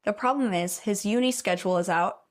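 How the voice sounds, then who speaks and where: A woman's voice: medium pitch, fairly quick. Blunt, swearing young woman. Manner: blunt, opinionated, swears freely. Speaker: story reader and commentator. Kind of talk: casual reaction commentary.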